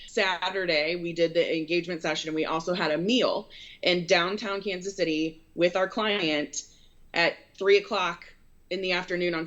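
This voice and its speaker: Earnest woman storyteller, lowish voice, rambling, dull lo-fi sound. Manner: earnest, rambling with many fillers. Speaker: photographer and business owner. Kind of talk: casual interview storytelling. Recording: dull lo-fi recording.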